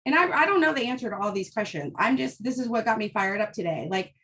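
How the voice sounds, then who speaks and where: A woman's voice: a little high, animated, fast talker, fairly bright tone. A woman giving a fired-up, blunt motivational talk, often checking in with "right?" as she goes. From United States. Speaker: host.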